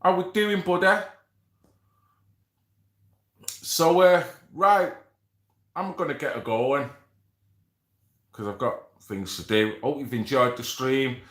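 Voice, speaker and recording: A man's voice: mid-range voice, takes it slowly, pauses often, fairly bright tone. Chatty man in echoey room. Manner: chatty, swearing, banter with viewers. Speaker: livestream host. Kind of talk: casual livestream chat reading comments.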